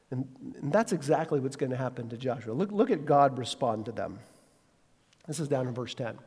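A man's voice: mid-range voice, a little fast, husky, in a large hall. A male pastor preaching a sermon, telling stories animatedly and asking listeners direct questions. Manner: animated storytelling, acts out quotes, asks listeners questions.

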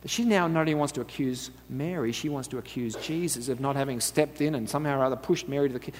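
A man giving a conversational sermon, chatty and warm-humored, often checking in with the audience and laughing at his own asides. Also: mid-range voice, fast, long reverb tail, a little hiss or hum. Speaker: preacher.

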